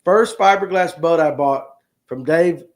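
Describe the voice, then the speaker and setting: A man's voice: on the high side, a little slow. A man hosting a casual fishing livestream, joking with viewers and reading comments aloud. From North Georgia, US. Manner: folksy, joking, talks to viewers by name. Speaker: host of a fishing livestream show.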